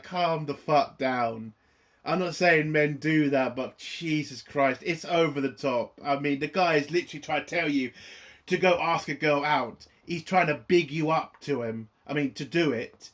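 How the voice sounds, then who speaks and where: Man, profane, exasperated rant, rambling, slightly high pitch. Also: normal speed. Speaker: TV reviewer. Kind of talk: ranting video review.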